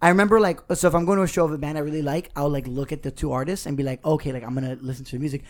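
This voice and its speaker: A man's voice: a little high, steady tone, racing. A man in his twenties in casual podcast banter, joking around and swearing a lot. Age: 20s. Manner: rowdy, profane, joking banter. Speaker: podcast co-host. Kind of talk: casual chat.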